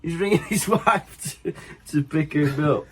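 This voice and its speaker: Guy chatting on a podcast, kinda high voice, chuckles thru the story. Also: a little slow, slight background noise. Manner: animated anecdote-telling, laughs through his story. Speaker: podcast co-host. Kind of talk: casual storytelling chat.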